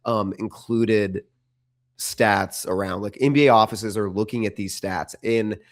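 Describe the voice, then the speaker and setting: A man's voice: fairly low pitch, fairly even intonation, a little slow. A man co-hosting a casual sports podcast, opinionated and full of restarts and "like"s. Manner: opinionated, restarts often, many likes. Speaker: podcast co-host.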